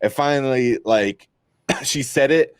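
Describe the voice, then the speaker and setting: A man's voice: medium pitch, measured pace, clean tone, dry recording, studio quality. Rambling young man reviewing a movie. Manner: rambling, lots of fillers and restarts. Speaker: podcast co-host. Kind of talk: casual movie review chat.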